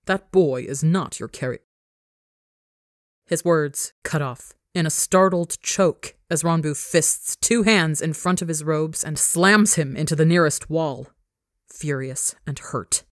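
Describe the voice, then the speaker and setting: A woman's voice: deep voice, dry recording, studio quality. A woman narrating a dramatic fan fiction story for a podcast in an intense storytelling manner.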